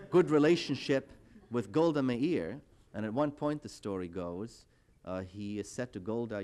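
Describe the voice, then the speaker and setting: A man's voice: on the low side, a little mellow. A middle-aged man giving a university lecture with a wry, anecdotal manner and storytelling asides.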